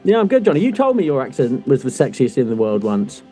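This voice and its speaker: Male host, teasing banter, animated pitch, warm dark tone. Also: quick pace, faint music behind. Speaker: podcast host. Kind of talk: casual chat.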